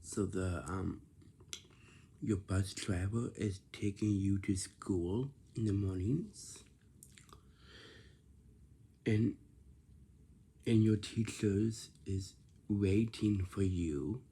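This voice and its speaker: A man's voice: lowish voice, fairly even intonation, extremely slow, pauses often, dark tone, husky. A man talking casually to camera, lecturing about lazy and rude behaviour and repeating himself often. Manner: repetitive, lecturing about manners.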